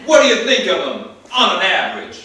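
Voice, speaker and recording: A man's voice: high-pitched, very animated, a little fast, bright, forceful tone, exaggerated voice. A man playing a cocky Yankee rustic. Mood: brash. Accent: rural American Yankee. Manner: folksy slang, bold and teasing. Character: brash folksy American Yankee, shrewd and cocky. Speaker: actor in a play reading. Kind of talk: stage play reading. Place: theater stage. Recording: very echoey theater, distant mic, faint hiss.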